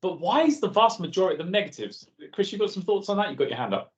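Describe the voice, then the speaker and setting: A man running an online workshop with a high, very animated voice. He talks in a chatty, conversational way and calls on people, and his sound is a little dull and muffled. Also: quick pace. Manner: lively and conversational, calls on participants. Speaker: workshop facilitator.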